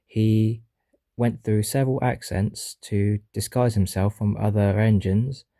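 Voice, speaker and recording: Offhand man, dark voice. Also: on the low side, no room sound, studio quality. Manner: offhand and self-deprecating. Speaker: voice actor. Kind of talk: casual spoken answer to a fan question.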